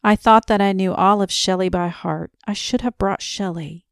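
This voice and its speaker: Careful old man guarding his records, soft measured delivery, dry close sound, a woman voicing him. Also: medium pitch, creaky, smooth, no echo, natural voice.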